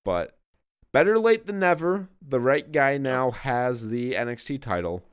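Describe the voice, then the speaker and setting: A man's voice: mid-range voice, expressive, unhurried, clean tone, no room sound, clean studio sound. A man co-hosting a podcast, talking casually and emphatically, swearing now and then. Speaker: podcast co-host. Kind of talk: casual wrestling review chat.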